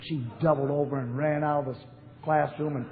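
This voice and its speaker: A man's voice: a little high, steady tone, brisk. Older man from Portland as AA speaker, blunt and wry, old tape with a thin sound and faint hiss. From Portland, Oregon, USA. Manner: storytelling, blunt, wry humor with fillers. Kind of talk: recovery talk to a convention audience. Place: large convention hall. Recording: echoey hall, phone-like narrow sound, faint hiss.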